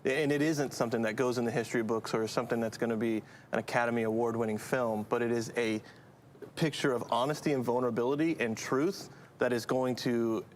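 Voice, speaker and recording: A man's voice: medium pitch, steady tone, fairly quick, a little hiss or hum. A man co-hosting a church show, responding earnestly and affirmingly in casual chat.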